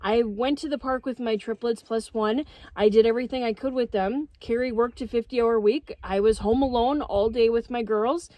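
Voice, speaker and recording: Earnest middle-aged lady, kinda high voice, talking outside on a homestead, dry close sound. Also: moderate pace, mellow, no room sound. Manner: emotional, earnest, emphatic. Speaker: co-host. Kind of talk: casual vlog chat. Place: outdoors on a homestead.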